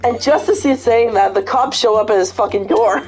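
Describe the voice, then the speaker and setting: A woman chatting casually, retelling a funny video with lots of swearing and animated storytelling. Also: fairly high pitch, moderate pace, soft background music, poor audio. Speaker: host. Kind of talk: casual chat.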